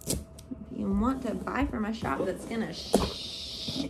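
Speaking slowly at medium pitch with vocal fry, a woman plant vlogger films an unboxing at home in her living room. She talks casually and gushes with exclamations to her viewers while packaging crinkles noisily behind her.

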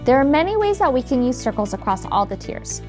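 A woman's voice: high-pitched, big pitch swings, brisk. Brief: thirties woman, friendly teacher-training narrator, faint music bed. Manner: friendly, acts out quoted phrases. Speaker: trainer for educators. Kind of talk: scripted instructional narration.

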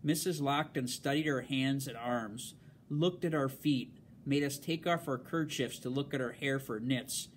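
A man reading a novel aloud in a halting way, stumbling over words and filling pauses with um and uh. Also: medium pitch, a little hiss or hum. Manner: halting, with fillers and restarts. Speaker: reader.

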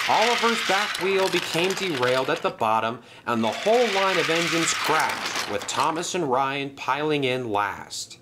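Animated young man narrating a storybook. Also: on the high side, background noise. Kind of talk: storybook narration of a toy train film.

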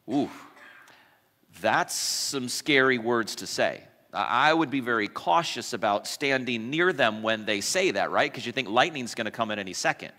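A man's voice: mid-range voice, lively intonation, moderate pace, pushed and bright. A male pastor preaching a sermon in a casual, conversational way, asking the congregation questions and adding light asides. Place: church sanctuary. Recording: long church reverb.

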